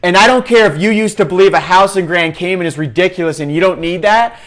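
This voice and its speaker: Young guy, high voice, super passionate preachy sales recruiting pitch. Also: quick pace, hardly any pauses, a bit bright. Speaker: team leader in a sales network.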